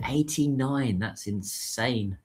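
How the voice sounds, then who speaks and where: Speaking slowly in a mid-range voice, a man livestreams as he waits in line for a taxi. His talk is casual chat, with him musing aloud and answering what viewers write.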